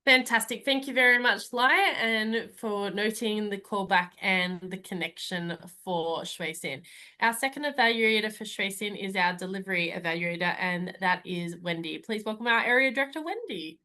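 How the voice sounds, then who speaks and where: A woman's voice: mid-range voice, moderate pace, bright, forceful tone. A woman on a video call hosting a club meeting, introducing speakers and thanking them graciously. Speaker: meeting host, toastmaster of the day.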